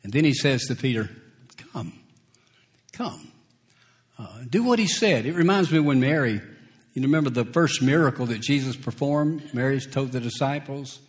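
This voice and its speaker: A man preaching a sermon, slow and deliberate, who chuckles between points and acts out scripture quotes. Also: mid-range voice, expressive.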